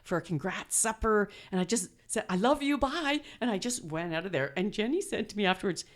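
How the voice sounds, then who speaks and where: A middle-aged woman telling animated stories as an interview guest, laughing often and acting out quotes. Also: mid-range voice, fast. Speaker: guest, mother and performer. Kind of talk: storytelling interview.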